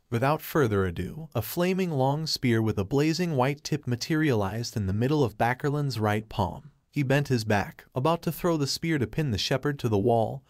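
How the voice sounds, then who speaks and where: A man narrating a fantasy novel audiobook in a steady, even storytelling manner. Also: medium pitch, normal speed, hardly any pauses, dry recording, studio quality.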